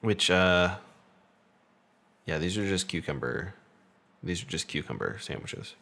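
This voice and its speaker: A man co-hosting a board game podcast, chatting casually with dry, deadpan jokes. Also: deep voice, unhurried, gravelly, slight background noise. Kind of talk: casual chat.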